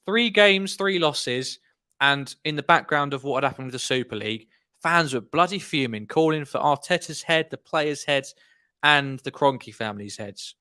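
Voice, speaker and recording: A man's voice: fairly high pitch, normal speed, clean tone. A young man hosting a live football watchalong, giving exasperated fan reactions as the match plays out. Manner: animated, exasperated fan commentary.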